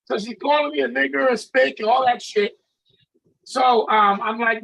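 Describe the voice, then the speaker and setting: A man telling a profane, animated story in a casual podcast chat, acting out the dialogue. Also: extremely high pitch, normal speed, creaky, rough recording.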